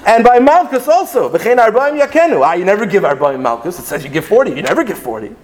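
A man gives a Talmud class in an animated, sing-song delivery, stopping to restart his sentences. His voice sits high for a man. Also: fast talker. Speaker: Torah teacher. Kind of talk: Talmudic lecture.

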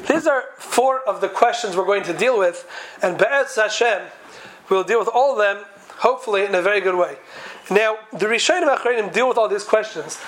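A man's voice: sits high, fairly bright tone, low-quality recording. A man giving a Talmudic lecture to a class, posing question after question in a sing-song study cadence. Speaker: Torah teacher.

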